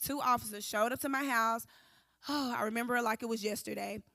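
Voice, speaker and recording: A woman, giving an animated personal testimony at a church recovery service and acting out the voices in her story. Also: a little high, brisk, vocal fry, dry recording, clean studio sound. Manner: animated storytelling, acting out quotes, addressing the room as y'all.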